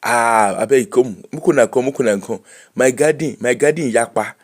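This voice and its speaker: Brief: middle-aged nigerian man, pidgin accent, chatty livestream host, animated, laughs easily. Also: medium pitch, normal speed. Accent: Nigerian Pidgin English. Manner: animated, laughing, switching between Pidgin and English. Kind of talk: casual live-stream chat.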